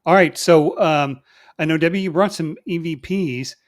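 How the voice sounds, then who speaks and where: A man co-hosting a live talk show. He keeps things moving briskly and reads out viewer requests. His voice sits a little high for a man. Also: steady tone. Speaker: co-host.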